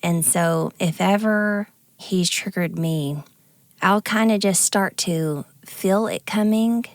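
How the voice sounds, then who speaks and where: A woman co-hosting a podcast, speaking earnestly and tearfully in a halting, confessional way. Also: mid-range voice, no room sound, clean studio sound. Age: adult with grown kids. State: tearful, near crying. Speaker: podcast co-host. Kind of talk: candid conversational podcast talk.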